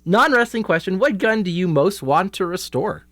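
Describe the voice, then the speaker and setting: Lively high-pitched host, dry sound. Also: male voice, normal speed. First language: French. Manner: animated, laughing often. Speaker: interview host. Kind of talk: casual interview chat.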